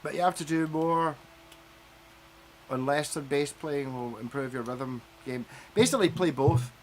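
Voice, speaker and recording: Scottish male streamer, fairly high voice, animated and sweary, faint noise behind. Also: unhurried. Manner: lively, swears freely, mimics other people. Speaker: livestream host. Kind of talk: casual chat.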